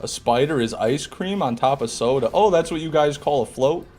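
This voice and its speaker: A man's voice: fairly high pitch, animated, moderate pace, darkish tone, soft background music. An American man in live gameplay commentary, chatting with viewers in a joking, swearing way and often laughing. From United States. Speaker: gaming streamer.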